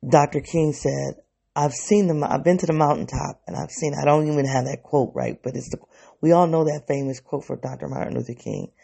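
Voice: medium pitch, fairly quick, vocal fry, warm tone, breathy edge. A vlogger giving a reflective personal monologue, thinking aloud and correcting themselves as they go.

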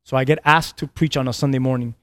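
A man's voice: medium pitch, steady tone, fast talker, smooth, no room sound. A man in his thirties, a pastor, telling a personal story on a podcast in an earnest way, often repeating his words. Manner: earnest, repeats words, laughs between lines.

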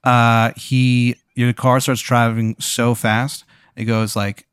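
Man, comedy podcast host, smooth resonant voice, rambling storytelling, dry sound. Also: medium pitch, little pitch movement, takes it slowly, a bit bright, no echo. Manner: rambling, filler-heavy narration. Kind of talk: improvised comic storytelling.

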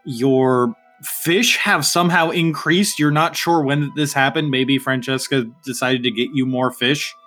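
A man narrating a tabletop game as game master, chatty and relaxed, with many fillers. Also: medium pitch, unhurried, soft background music.

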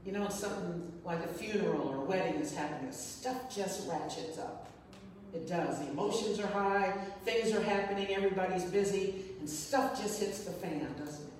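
A woman's voice: on the low side, moderate pace, a little mellow. A woman shares a personal story in an earnest, reflective way, often circling back to repeat a phrase. Her voice reaches the mic from some distance in a large, echoing hall with a long reverb tail, and faint noise sits under it. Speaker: speaker sharing a personal story. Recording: echoey hall, voice from far off.

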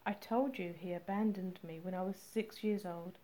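A woman reading the part of a grieving, angry man who is a detective, speaking slowly and bitterly. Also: lowish voice, steady tone, dark tone, lightly acted. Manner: slow, measured, bitter. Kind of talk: audiobook character reading.

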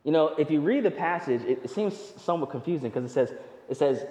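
A man's voice: fairly high pitch, expressive, quick pace, warm tone, reverberant, in a large hall, highs cut off. A male pastor preaching a sermon in an emphatic, conversational way with touches of humor.

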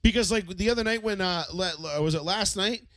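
A man's voice: high voice, fairly quick, a bit bright, no echo. A man co-hosting a podcast, ranting animatedly and profanely in casual sports chat. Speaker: podcast co-host.

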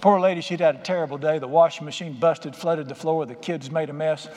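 Preaching in a church sanctuary, this older male pastor has a high-leaning, slightly mellow voice with fairly even intonation and a slightly quick pace. He's folksy and conversational, acting out quotes plainly, while the reverberant hall adds faint ambience.

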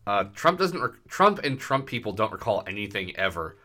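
A man's voice: on the low side, very animated, moderate pace, sharp tone. A man co-hosting a podcast, rambling through casual political chat in a sardonic way with many restarts. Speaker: podcast co-host.

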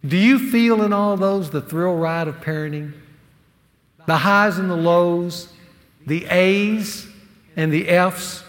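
A man preaching a sermon to men, earnest and emphatic, with dramatic pauses. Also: high voice. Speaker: pastor teaching a men's series. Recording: long hall reverb.

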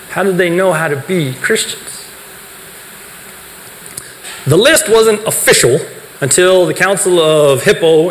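In a reverberant hall with faint background noise, a man with a slightly high, fairly bright voice teaches a youth group. He explains his points and poses questions to the listeners, then answers them himself.

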